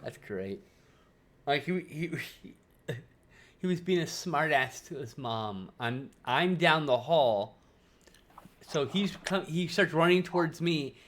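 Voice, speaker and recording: A woman's voice: deep voice, lively intonation, slow pace. Swearing chatty woman in her thirties. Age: 30s. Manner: swearing, storytelling, reads chat aloud. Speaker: streamer. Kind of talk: casual live-stream chat.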